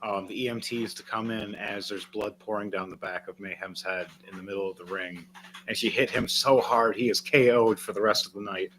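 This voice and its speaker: A man running a tabletop wrestling game who calls the action play-by-play as if he were commentating. His voice is bright and forward, and there is a faint noise behind him. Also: on the low side, brisk, rough recording. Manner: play-by-play, lively, laughing. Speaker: game master.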